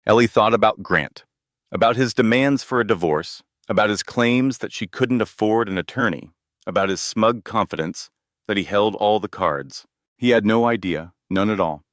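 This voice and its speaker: Low-voiced male story narrator. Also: normal speed, a bit bright, dry recording, clean studio sound.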